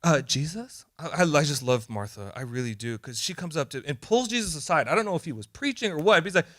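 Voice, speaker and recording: A man pastor preaching a sermon, animated and emphatic, sometimes acting out quoted voices. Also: a little high, fast.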